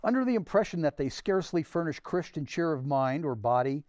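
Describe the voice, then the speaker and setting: A man reading aloud, voicing a polite, formal portly gentleman asking for charity. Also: fairly high pitch, lively intonation, fairly quick, no room sound, lightly acted. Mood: courteous. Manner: courteous, formal.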